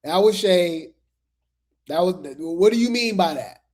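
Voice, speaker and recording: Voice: mid-range voice, expressive, measured pace, a little mellow. Casual gossip host, mid-range voice, talks straight to camera with lots of asides. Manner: chatty, repeats phrases, gossipy asides to viewers. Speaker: commentary host. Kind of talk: casual drama commentary.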